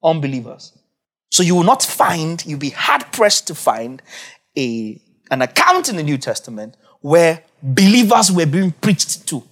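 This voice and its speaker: A male preacher with a somewhat high voice teaches from Scripture in a sermon style. He quizzes his listeners with rapid questions and repeats key phrases. His delivery swings from hushed low asides to loud, high bursts of emphasis. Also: sing-song.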